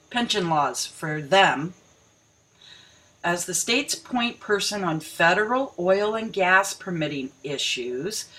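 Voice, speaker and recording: A woman's voice: fairly low pitch, pushed and bright, low-quality recording. A woman reading news articles aloud and breaking off to mock them, rereading lines for emphasis. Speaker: video commentator.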